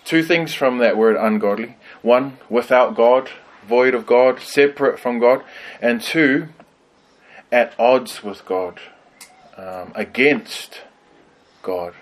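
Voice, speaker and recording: A man teaching a conversational Bible study, thoughtful and pausing with frequent ums. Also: mid-range voice, low-quality recording.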